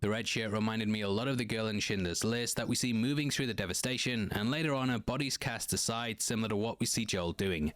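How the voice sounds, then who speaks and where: A man giving a scripted, measured narration breaking down a TV episode scene by scene. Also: on the low side, fairly bright tone, no echo. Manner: measured, analytical.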